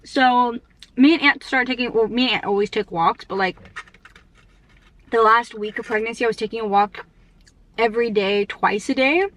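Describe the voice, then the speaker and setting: A young woman vlogger chatting casually and rambling, full of fillers, talking fast because she is in a rush. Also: a little high, fairly bright tone. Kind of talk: casual chat.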